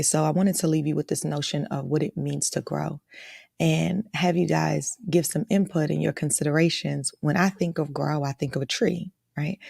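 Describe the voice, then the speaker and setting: A low-voiced woman with a gravelly edge hosts a motivational live talk. She speaks in an encouraging, emotional way and keeps checking in with her listeners. The recording is dry and close. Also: dry recording. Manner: warm, encouraging, emotional, often asking "right?". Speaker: host of a live online talk. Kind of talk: motivational live-stream talk, reading out chat comments.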